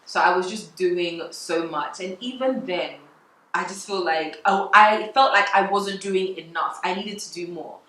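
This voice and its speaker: A woman's voice: lowish voice, a little slow, bright, forceful tone, roomy sound, rough recording. A woman, chatting casually and confessionally to camera as a vlogger, laughing often. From England. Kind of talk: casual vlog talk to camera.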